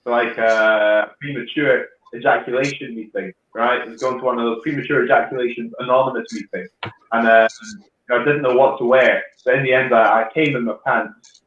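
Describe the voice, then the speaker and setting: A man's voice: medium pitch, fairly even intonation, fairly quick, muffled recording. Male comic host, one-liners, echoey room, faint hiss. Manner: punchline jokes with checking "right?" and "yeah?". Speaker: comedy club host. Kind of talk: stand-up comedy and act introductions.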